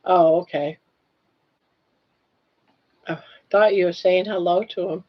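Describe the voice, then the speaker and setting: An older woman with a lowish voice and fairly even intonation hosts a casual livestream, with the highs cut off in the recording. She chats in a folksy way, reading out viewers' comments and drawing out their names slowly.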